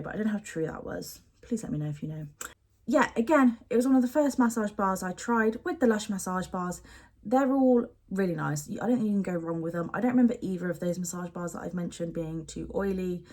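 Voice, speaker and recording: A woman's voice: mid-range voice, a little mellow. A young woman, chatting casually and gushing to camera about beauty products she misses. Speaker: beauty vlogger.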